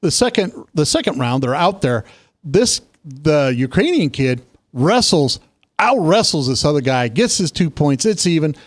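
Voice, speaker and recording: A man co-hosting a casual political talk show, telling stories with lively emphasis. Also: no room sound, studio quality. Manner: animated storytelling, quick pitch jumps. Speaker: co-host.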